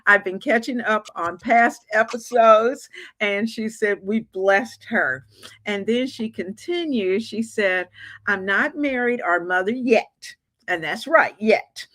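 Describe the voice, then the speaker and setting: An older woman hosting a livestream chat show, talking gently and rambling with many fillers. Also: mid-range voice, slow pace, no room sound. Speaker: show host.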